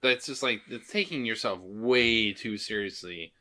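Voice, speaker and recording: A man in his thirties co-hosting a podcast, giving opinionated, animated takes on a movie in casual chat. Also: lowish voice, measured pace. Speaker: podcast co-host.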